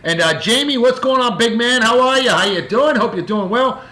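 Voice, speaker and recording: Upbeat bright-voiced man. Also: very high voice, lively intonation, normal speed. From Martha's Vineyard, Massachusetts. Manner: upbeat, effusive, talks straight to friends. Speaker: host of a daily beer video. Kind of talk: casual birthday shout-outs. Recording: echoey room.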